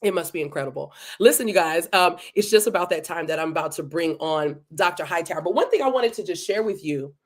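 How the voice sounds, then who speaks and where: A woman hosting a live-streamed podcast, effusively greeting her chat viewers by name in a casual, animated way. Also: on the low side, quick pace, hardly any pauses. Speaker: podcast host. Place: home, Delaware.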